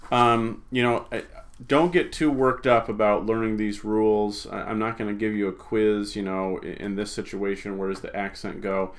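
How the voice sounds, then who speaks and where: Man, fairly low voice, informal teacher, lots of fillers and restarts. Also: level tone, moderate pace. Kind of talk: recorded language lesson.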